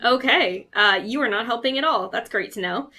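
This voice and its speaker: Woman game master, casual, laughs a lot, slightly high voice. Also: moderate pace, pushed and bright. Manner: casual and chatty, laughs easily. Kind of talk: narrating a tabletop game.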